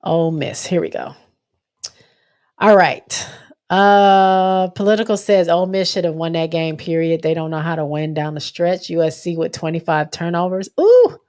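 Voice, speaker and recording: This is a young woman with a slightly low-pitched voice. She hosts a relaxed sports livestream in a loose, chatty way, reading viewer comments aloud and correcting herself as she goes. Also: moderate pace. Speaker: livestream host. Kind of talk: casual sports chat livestream.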